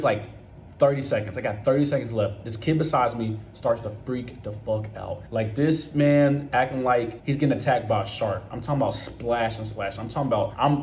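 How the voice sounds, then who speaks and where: A young man tells a story quickly and casually. He swears freely and keeps adding "right?" to his lines. The room echoes, and faint noise sits under his voice. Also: medium pitch, darkish tone. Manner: profane, frequent "right?" tags. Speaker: vlogger. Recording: roomy echo, faint noise.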